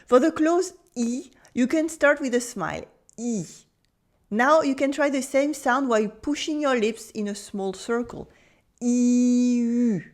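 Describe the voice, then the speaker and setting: A woman with a French accent teaching pronunciation, working through slow, clearly articulated drills with playful asides. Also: sits high. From France. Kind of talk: scripted pronunciation lesson.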